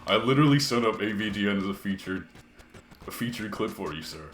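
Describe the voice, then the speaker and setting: A man's voice: fairly low pitch, fairly quick, a bit bright. A half British, half Canadian man streaming a game and joking crudely with his chat as he reads it aloud. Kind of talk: casual gaming livestream, reading chat aloud. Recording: echoey room with faint music behind.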